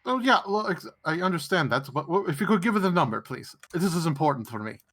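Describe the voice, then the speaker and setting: A man playing a character in a tabletop game, talking in a lively, theatrical way. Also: on the high side, quick pace. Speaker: player.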